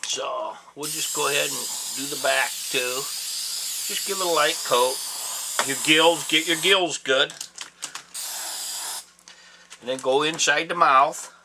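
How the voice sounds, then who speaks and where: Folksy workshop instructor, man, slightly high voice, hissy recording with compressor running behind. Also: slow, creaky, long pauses. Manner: folksy, plain-spoken, rambling asides. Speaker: taxidermy instructor. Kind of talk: casual step-by-step demonstration. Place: home workshop with air compressor. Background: air compressor and spray hiss.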